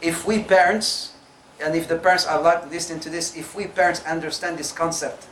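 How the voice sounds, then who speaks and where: A man giving a lively youth talk, acting out the quotes in his stories and joking with his audience. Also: on the high side, fairly quick, a little hiss or hum. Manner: animated, acts out quotes, jokes with audience. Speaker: youth program speaker. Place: community center hall. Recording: echoey room mic from a distance.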